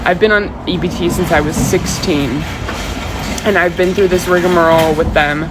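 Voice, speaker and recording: A woman telling a casual story in a lively, animated way, swearing freely and mimicking other people's voices. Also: lowish voice, normal speed, noisy background. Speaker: social media poster.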